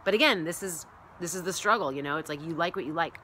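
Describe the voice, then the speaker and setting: She's a wellness-coach vlogger and massage therapist whose low, bright voice carries a quick, animated, chatty ramble full of "like" and "you know." She acts out what she used to think, and faint noise sits behind her.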